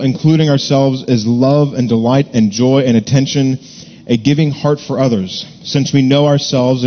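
A man's voice: mid-range voice, lo-fi sound. Earnest male preacher in a reverberant hall. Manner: earnest, repeats and stresses key words. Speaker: pastor. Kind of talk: sermon.

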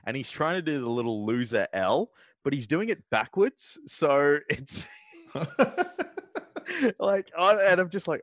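A man's voice: a little high, sing-song, slow pace, fairly bright tone, no echo. A man co-hosting a podcast, chatting casually in rambling recaps full of fillers. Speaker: podcast co-host. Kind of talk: casual chat.

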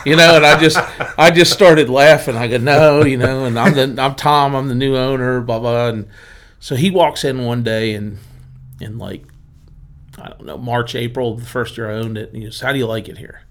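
In a relaxed storytelling chat, a man with a mid-range voice talks at a moderate pace. He's a driving range owner from Pennsylvania, and he acts out the quotes in his lively anecdotes.

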